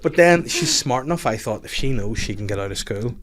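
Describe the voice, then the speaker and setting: A man's voice: mid-range voice, expressive, fairly quick. Man telling bawdy stories. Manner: bawdy storytelling, laughing often. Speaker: podcast host. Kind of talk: casual podcast chat.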